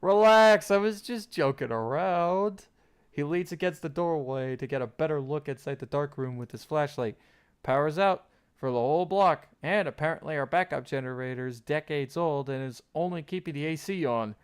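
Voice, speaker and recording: A man voicing a loud, joking male pterodactyl teacher in a game. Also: a little high, moderate pace, smooth, natural voice. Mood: breezy.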